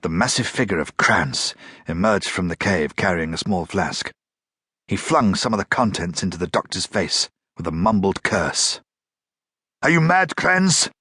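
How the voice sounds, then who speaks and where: Husky low-voiced male audiobook narrator. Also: normal speed, pushed and bright, no room sound, clean studio sound. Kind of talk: scripted narration.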